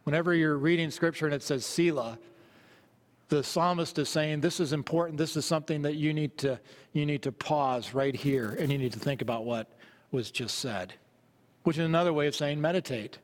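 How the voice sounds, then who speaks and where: A man's voice: on the high side, normal speed. Earnest preacher man in a reverberant hall. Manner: earnest, repeats phrases while reading scripture aloud. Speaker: pastor. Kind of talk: sermon.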